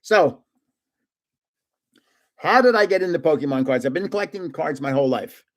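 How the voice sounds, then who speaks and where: An older man hosts a relaxed live stream. His voice sits a little higher than most men's. He rambles through stories and chuckles often as he talks. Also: normal speed. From North Jersey, United States. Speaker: livestream host. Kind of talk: casual live-stream chat and storytelling.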